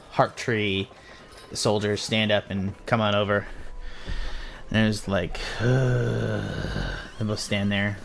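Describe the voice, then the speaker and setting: A man narrating as game master in a relaxed, casual way, with many fillers. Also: on the low side, slight background noise.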